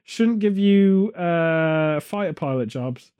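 A man's voice: on the high side, animated, slow, smooth, phone-quality sound. A man hosting a podcast in casual chat, rambling from joke to joke and off on tangents. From England. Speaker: podcast host. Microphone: headphones on, studio mic.

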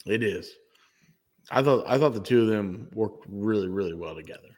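A man's voice: lowish voice, normal speed, darkish tone, long reverb tail. A man co-hosting a podcast who rambles through stories, jokes and pokes fun at himself. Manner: rambling, joking, self-deprecating. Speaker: podcast co-host. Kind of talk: casual banter.

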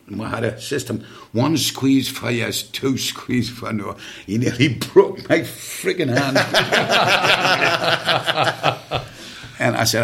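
A man's voice: mid-range voice, sing-song, measured pace, gravelly, fairly bright tone. An older man telling long, rambling family stories as a podcast guest, full of fillers and restarts. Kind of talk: anecdotal storytelling.

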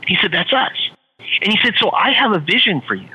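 Animated man telling a story, bright and husky. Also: high voice, fairly quick, in a large hall, highs cut off. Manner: animated, repeats phrases for effect. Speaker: guest, author and entrepreneur. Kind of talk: storytelling in an interview.

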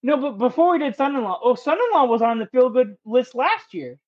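Male podcast host, high voice, loose rambling chat with swearing, dull recording. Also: lively intonation, brisk, crowd noise. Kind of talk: casual chat.

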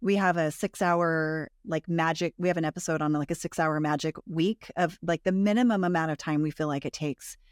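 A woman's voice: sits low, fairly even intonation, brisk, few pauses, dry recording, clean studio sound. A woman guest on a relationship podcast, earnestly explaining research findings and repeating points for emphasis. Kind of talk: conversational explaining.

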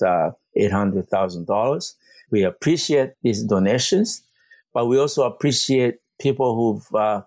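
A man's voice: on the low side, a little mellow, no room sound. Earnest man with a very dry sound. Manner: earnest, halting with many fillers and restarts. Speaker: community organizer. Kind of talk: interview answer. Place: Vancouver.

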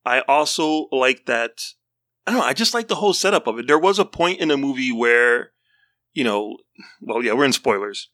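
A man co-hosts a casual movie-review podcast in an easygoing way, laughing often. His voice is bright and forward. The sound is dry and close. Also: mid-range voice, lively intonation, moderate pace, no room sound. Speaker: podcast co-host.

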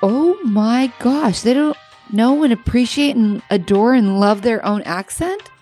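A woman co-hosting a casual chat show, animated and exclamatory, swearing freely. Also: a little high, a little slow, soft background music. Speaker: podcast co-host.

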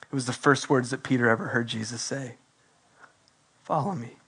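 A male pastor preaching a sermon and leading a prayer, lively and acting out the voices he quotes. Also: mid-range voice, quick pace, slightly rough. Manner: animated, acts out quoted voices.

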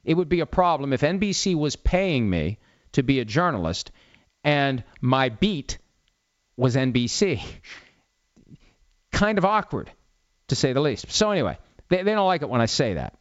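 A man's voice: medium pitch, big pitch swings, moderate pace, long pauses, no room sound, dull audio. A man in his forties, a sports writer and host, talking candidly and bluntly with many restarts. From Italian-American. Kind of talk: casual talk answering listener questions.

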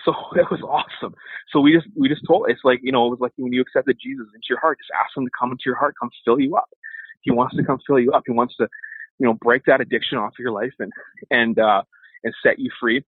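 A man, an evangelist guest, telling a lively testimony story and acting out the voices of the people in it. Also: medium pitch, fast, slightly rough, no room sound. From Canada. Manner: animated storyteller, acts out voices. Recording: tinny phone-like line.

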